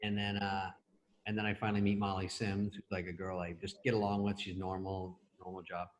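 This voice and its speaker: A middle-aged man telling stories as a talk show guest over a video call, laughing through them and doing quick impressions of other people. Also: deep voice, little pitch movement. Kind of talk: casual anecdote telling.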